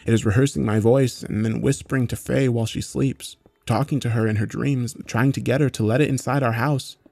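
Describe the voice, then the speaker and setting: A man narrating a horror story in a measured, matter-of-fact way, with occasional swearing. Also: medium pitch, fairly even intonation, gravelly, darkish tone, no echo.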